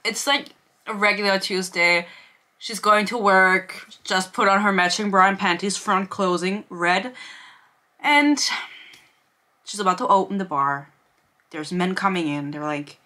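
A woman's voice: mid-range voice, unhurried, sharp tone. A young woman at her bedroom desk, giving a sarcastic book review with swearing and laughing asides. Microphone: desk camera.

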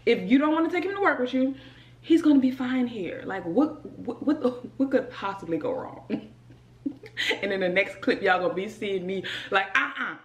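A woman's voice: fairly high pitch, normal speed, roomy sound, muffled recording. A young woman with a Southern US accent talking casually and animatedly to her viewers in a home vlog. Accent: Southern US, New Orleans area. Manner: animated, addresses viewers as y'all and child. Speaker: vlogger.

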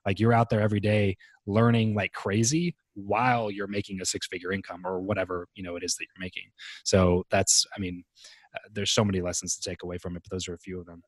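A man talking as a podcast guest in casual interview chat, relaxed and rambling, with many fillers and restarts. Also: low-pitched, fast talker, no echo.

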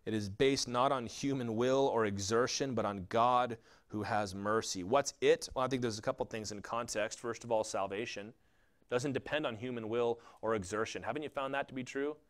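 A male pastor with a Southern US accent delivering a sermon, rising loud for emphasis and dropping low for quoted lines. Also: moderate pace.

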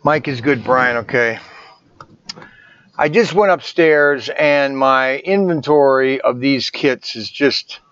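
Slow, muttering frustrated man, lo-fi. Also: medium pitch, a bit bright, clear, resonant tone. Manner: frustrated muttering to himself, sighing. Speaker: toy shop owner. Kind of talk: casual talking to the camera. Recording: dull lo-fi sound with background noise.

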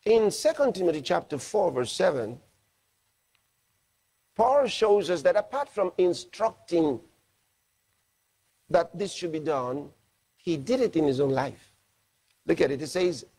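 Husky-voiced man preaching a sermon. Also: a little high. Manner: emphatic preaching, slows to read scripture aloud. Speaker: pastor.

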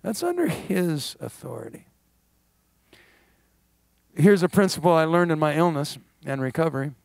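A middle-aged man preaching a sermon in church, animated with wry asides and quick laughs. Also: fairly high pitch, vocal fry, dry recording. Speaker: guest pastor. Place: church sanctuary.

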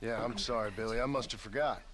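An actor playing a gruff, dry-witted outlaw cowboy in a western game, speaking in a laconic, wry way. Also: male voice, on the low side, quick pace, close to an everyday voice. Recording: game audio under loud noise.

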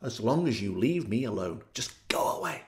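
A man's voice: lowish voice, lively intonation, normal speed, pitched below the performer's own voice, lightly acted. A man voicing a stiff, guarded male politician who pleads to be left alone. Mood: pleading.

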